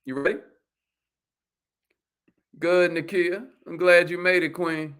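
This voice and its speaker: A man hosting a motivational livestream, hyping viewers with repeated call-and-response lines and shout-outs to viewers. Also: sits high, takes it slowly, clean tone. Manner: energetic, repetitive call-and-response hype with "y'all".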